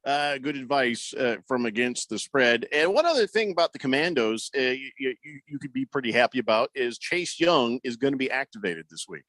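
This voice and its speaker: Animated man hosting sports radio. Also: mid-range voice, fairly quick, few pauses, no echo. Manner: animated, mocking, reads listener messages aloud. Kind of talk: casual sports radio talk.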